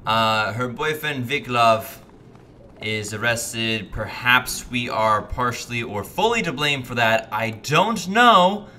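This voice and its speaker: A man hosting a gaming video, giving animated, joking let's play commentary as he plays. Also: medium pitch, slow pace, a little hiss or hum.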